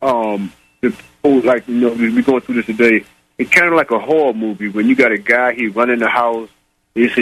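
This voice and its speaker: A man's voice: mid-range voice, fairly quick, a bit bright, breathy edge, no room sound, poor audio. A man co-hosting a casual chat, laid-back and amused, with loose everyday grammar.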